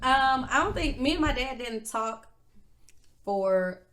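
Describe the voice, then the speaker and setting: A woman from northern Illinois telling her life story in a casual interview, animated and acting out other people's voices as she goes. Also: slow pace. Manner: animated, acts out quoted voices with big pitch jumps. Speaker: interview guest.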